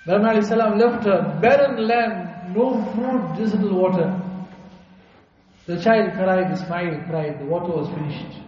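A man preaches a passionate storytelling sermon, dropping Urdu and Arabic religious words as he goes. He sounds distant, heard from across a large hall with long, booming reverb. The recording is dull and lo-fi. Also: moderate pace, a little mellow. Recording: echoey hall from far off, dull lo-fi.

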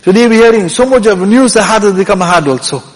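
A man with a notably high voice delivers an earnest sermon, repeating key phrases for emphasis. He weaves Arabic recitation into his English. The sound carries a long reverb, as in a large hall. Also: animated, fast talker. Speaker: preacher. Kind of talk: Islamic sermon.

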